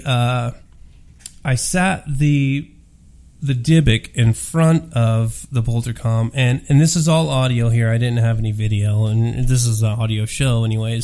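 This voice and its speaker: A man's voice: mid-range voice, darkish tone. A man hosting a paranormal audio show, ranting in a profane, rambling, emphatic monologue.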